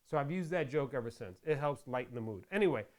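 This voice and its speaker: A man's voice: mid-range voice, lively intonation, quick pace, darkish tone. A middle-aged man hosting a crafting tutorial, chatting casually and rambling into jokes while he works with his hands. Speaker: crafting channel host.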